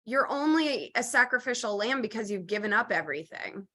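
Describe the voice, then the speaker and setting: A woman's voice: a little high, expressive, fairly quick, sharp tone. A woman co-hosting a podcast in casual chat, acting out quoted lines and swearing freely. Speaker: podcast co-host.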